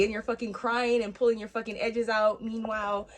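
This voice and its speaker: A young woman vlogger telling a personal story in casual, animated chat, swearing freely and acting out the voices of the people she quotes. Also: fairly high pitch, brisk, few pauses.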